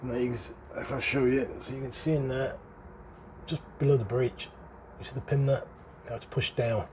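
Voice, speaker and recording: A steady-toned, slightly mellow mid-range voice moves at a moderate pace, with a little hiss or hum in the audio. The speaker, a middle-aged British man presenting on airguns, chattily explains a hands-on repair in a casual walkthrough, with chuckles between points.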